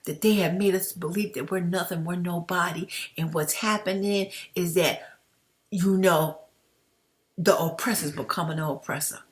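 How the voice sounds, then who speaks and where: A woman's voice: lowish voice, fairly even intonation, moderate pace. A woman, talking straight to her viewers as "family" in an impassioned commentary vlog. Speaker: YouTube commentator. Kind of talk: direct-to-camera commentary vlog.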